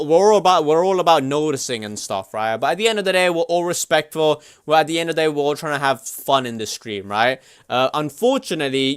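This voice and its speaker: A man streaming live at his computer, chatting casually in an excitable, slangy, swear-heavy way. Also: fairly high pitch, clean tone, no echo, studio quality.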